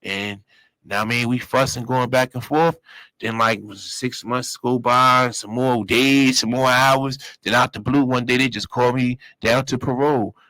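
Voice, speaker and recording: Man, storyteller, animated and profane, plays everyone in his tale, dry close mic. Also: medium pitch, measured pace, no echo, poor audio. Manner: animated, acts out other people's voices, profane slang. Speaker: storyteller host. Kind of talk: casual storytelling.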